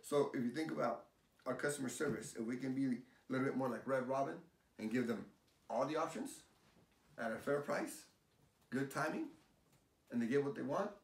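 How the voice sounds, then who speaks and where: A realtor being interviewed, talking in an animated, rambling way and often repeating his phrases. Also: mid-range voice, normal speed, pauses often. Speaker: realtor guest. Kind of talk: casual chat. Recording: roomy, distant mic, faint hiss.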